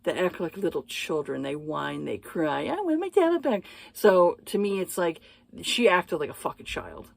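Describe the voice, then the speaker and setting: A woman's voice: sits low, normal speed, gravelly, dry recording. Blunt, cussing woman ranting about a book. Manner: blunt, profane, exasperated; hesitant with many fillers. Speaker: book reviewer. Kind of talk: casual book review rant.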